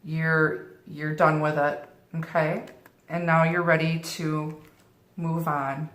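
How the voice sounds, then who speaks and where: A middle-aged woman giving a tarot reading in a reassuring way, often repeating and restarting her phrases. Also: low-pitched. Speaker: tarot reader. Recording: roomy echo.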